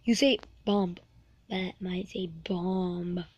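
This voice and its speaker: A woman voicing a sulky male cartoon bomb bird in a fan toy role-play, talking in a grumbling, halting way with fillers. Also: lowish voice, fairly even intonation, a little mellow, no room sound, lo-fi sound. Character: low-voiced male cartoon bomb bird, sulky, fussy about his name.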